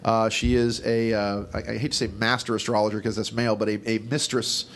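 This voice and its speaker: A man's voice: fairly low pitch, flat delivery, fairly quick, a little hiss or hum. A man moderating a panel at an expo, joking and rambling with many "uh" fillers as he introduces the guests.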